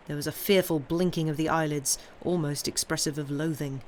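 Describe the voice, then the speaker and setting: A woman reading a classic novel aloud on a live stream, with measured, steady narration. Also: low voice, a little hiss or hum. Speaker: reader.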